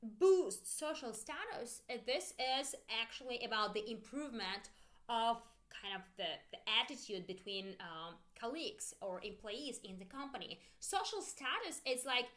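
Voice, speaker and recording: A woman's voice: a little high, lively intonation, normal speed, bright, forceful tone. A woman whose first language is Russian teaches an online English grammar lesson, repeating phrases for learners to echo.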